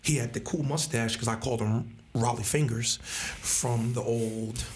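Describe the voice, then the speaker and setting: A man's voice: medium pitch, fairly even intonation, moderate pace, a little mellow, slight background noise. A man, a pastor and church planter, telling a story in a podcast conversation, laughing often and acting out the voices of people he quotes.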